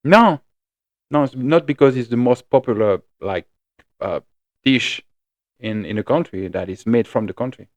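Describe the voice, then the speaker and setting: A man's voice: medium pitch, expressive, moderate pace, no echo. Podcast co-host, man from Belgium, blunt and argumentative, dry close sound. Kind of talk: casual chat.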